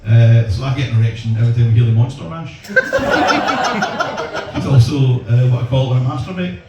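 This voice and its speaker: A man's voice: medium pitch, steady tone, fairly quick, lo-fi sound. A Scottish man doing a crude, self-deprecating stand-up set in a comedy club, bantering with the crowd. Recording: echoey club from far off, loud noise.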